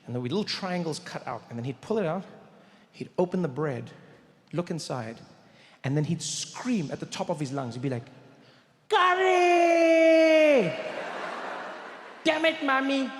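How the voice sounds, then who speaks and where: A man doing stand-up, telling a story in an animated way and breaking into loud, high shouted character voices, on a stage mic in a large hall. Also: a little fast, background noise. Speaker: stand-up comedian. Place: large theater stage with audience.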